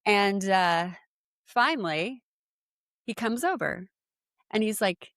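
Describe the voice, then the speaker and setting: A woman in her forties from San Diego, telling a personal story as a podcast guest and acting out what people said with lively jumps in her voice. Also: slow pace, pauses often, no room sound, studio quality. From San Diego, USA. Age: 40s. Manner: animated, acts out quoted speech with big pitch jumps, lots of fillers. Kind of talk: casual storytelling in conversation.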